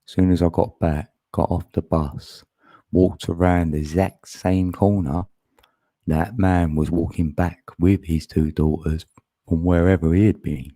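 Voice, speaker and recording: A man's voice: low-pitched, fairly even intonation, measured pace, dark tone, dry recording. A man chatting casually on a live stream, laughing often and greeting viewers by name.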